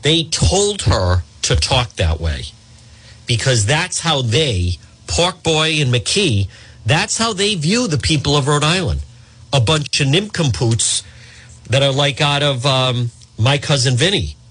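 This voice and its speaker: Guy ranting on talk radio, sarcastic, kinda husky, voice jumps all over the place. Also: sing-song, takes it slowly, fairly bright tone. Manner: sarcastic, mocks voices in a high put-on tone. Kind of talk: opinionated talk radio monologue.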